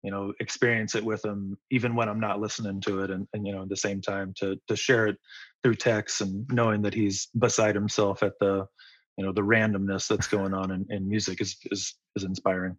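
A man in his forties talks about music in a loose, rambling and enthusiastic way as an interview guest. His voice sits at a middle pitch. The recording sounds dull and lo-fi, with a close, dry tone. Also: little pitch movement, fairly quick, no echo. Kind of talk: casual interview.

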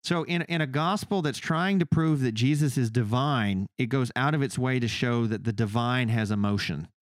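A man of medium pitch co-hosting a podcast and talking casually about faith. He explains eagerly and slips into little voices for the people he quotes. His voice sounds dry, with no room around it. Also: moderate pace, no room sound. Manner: animated, acts out quoted speakers in his retelling. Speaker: podcast co-host.

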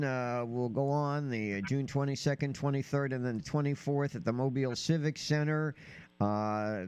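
A man's voice: medium pitch, darkish tone, clear, resonant tone, no room sound. Chatty male sports radio host, dry studio. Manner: chatty, asks questions with filler uhs. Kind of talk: sports talk interview.

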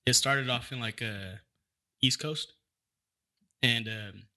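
A man's voice: mid-range voice, slow, pushed and bright. A man, a restaurant business owner and podcast guest, talking eagerly and casually about how he runs things. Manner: eager, talks shop about restaurant systems. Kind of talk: casual chat.

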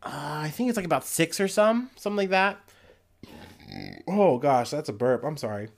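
Young man, casual news podcaster, slightly high voice, loose and rambling with plenty of ums. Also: lively intonation, normal speed. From Ohio. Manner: rambling, swears, many fillers and restarts.

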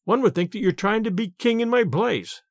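A man's voice: high-pitched, expressive, normal speed, no echo, studio quality, voice pushed up. A man voicing a proud, angry medieval king in a storybook reading. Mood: commanding. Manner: imperious, loud.

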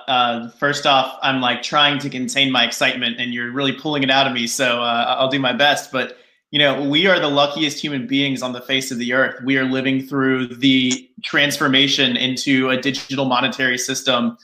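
A man speaking as a guest, earnest and measured in a casual panel chat. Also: medium pitch, level tone, pushed and bright. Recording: roomy echo.

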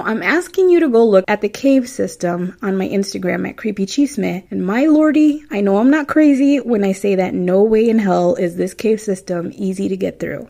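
Midwestern lady telling a creepy true story, chatty asides, kinda gravelly fry. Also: medium pitch. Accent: Midwestern American. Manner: chatty, animated asides and laughs. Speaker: true-story podcast host. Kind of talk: casual storytelling.

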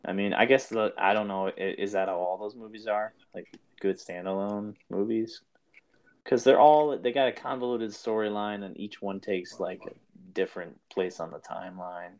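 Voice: low-pitched, steady tone, normal speed, darkish tone. A podcast co-host in casual chat, joking and sarcastic, laughing often. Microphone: remote mic.

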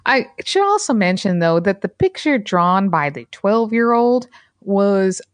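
A woman co-hosting a casual movie review podcast, chatty and quick to laugh. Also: mid-range voice, no room sound. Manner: chatty, laughs often, relaxed asides. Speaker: podcast co-host.

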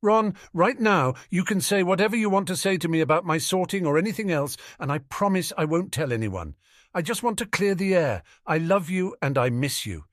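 A man voicing an anxious young girl who pleads softly and earnestly with her brother. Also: sits high, lively intonation, a little fast, no echo, studio quality, voice pushed up. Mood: pleading. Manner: soft, nervous, earnest pleading.

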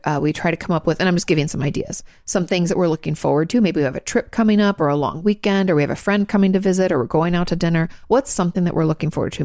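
A woman talks quickly and frankly, answering listener questions in a casual advice chat. Her voice sits low with a gravelly, fried edge. The sound is dry and close, with no room around her. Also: a little mellow, no echo. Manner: fast, chatty, frank, swears casually.

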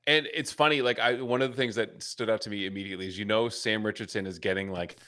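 A man's voice: lowish voice, fairly even intonation, fast, pushed and bright. A man co-hosting a casual podcast, animatedly quoting sketch lines and laughing along. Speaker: podcast co-host. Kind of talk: casual chat about comedy sketches.

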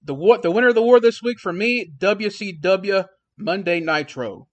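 A man's voice: sits high, moderate pace, no echo. A man co-hosting a podcast in laid-back, slangy casual chat. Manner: laid-back, slangy, says dude and bro. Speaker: podcast co-host.

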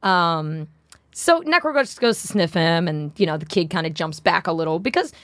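A young woman, co-hosting a podcast and telling a long story in a rambling, animated way. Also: fairly low pitch, normal speed, no echo, studio quality. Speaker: podcast co-host. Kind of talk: casual comedic chat.

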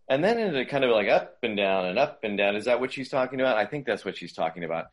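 A man's voice: mid-range voice, sing-song, fast, hardly any pauses. A man speaking as a guest voice coach, giving conversational advice in a loose, rambling way with many fillers and restarts.

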